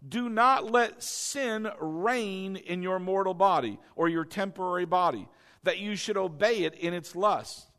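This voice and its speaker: High-pitched pastor guy preaching, punchy and repetitive, big church reverb. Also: a bit bright. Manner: emphatic, repeats questions and has the congregation repeat lines. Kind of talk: sermon.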